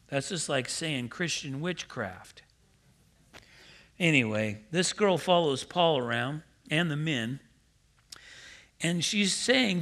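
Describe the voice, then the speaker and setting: A male pastor preaching a sermon in a church, his voice bright and forward, pitched a little above the usual for a man. He talks in an animated, emphatic way, mimicking voices when he quotes people and turning to the congregation with direct asides. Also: takes it slowly, long pauses.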